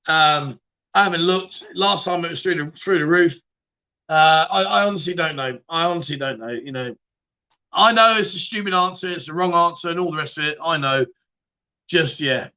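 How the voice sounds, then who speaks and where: A man's voice: a little high, normal speed, pushed and bright. A man hosting a casual livestream chat show, reading viewer comments and joking around with frequent laughs and swearing.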